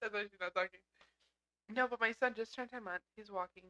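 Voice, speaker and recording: A young woman co-hosting a podcast, chatting loudly with lots of laughing and swearing. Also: mid-range voice, fairly quick. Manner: loud, laughing, profane banter. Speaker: podcast co-host. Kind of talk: casual chat.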